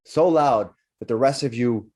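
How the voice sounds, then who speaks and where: A man's voice: medium pitch, normal speed, a little mellow. A man narrating a tabletop game as game master, rambling with frequent restarts. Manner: rambling, restarts, laughs often.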